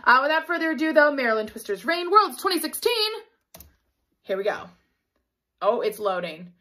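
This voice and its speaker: A woman's voice: high voice, very animated, moderate pace, bright, forceful tone. A young woman giving a gushing, emotional reaction commentary as a vlogger, often laughing and squealing. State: out of breath.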